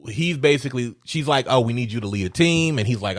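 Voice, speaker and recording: A man talking quickly and loosely on a movie podcast, sliding into quoted dialogue as he retells scenes. He swears freely. The sound is dry and close. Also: medium pitch, lively intonation, no room sound. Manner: fast, profane, acts out movie scenes. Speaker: podcast co-host. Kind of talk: casual movie review chat.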